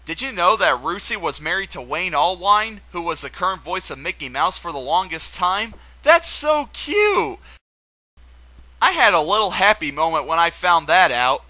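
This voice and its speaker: A young man with a high, bouncing voice runs through a countdown with eager enthusiasm and playful asides. His tone is bright and sharp, recorded close in a dry, small room. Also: normal speed, hardly any pauses, dry recording, poor audio. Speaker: video host. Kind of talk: countdown commentary.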